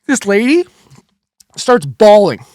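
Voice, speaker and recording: Man, very high voice, animated storytelling, swears a lot, dry close sound. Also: slow, dry recording. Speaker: podcast guest, film producer. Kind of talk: casual storytelling chat.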